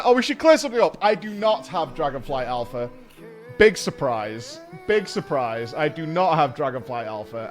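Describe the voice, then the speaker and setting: A man rants on a casual stream, swearing freely and mocking himself with sardonic humor. His voice sits high and swings wildly up and down. Faint music plays underneath. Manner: profane, ranting, sardonic, laughing at himself.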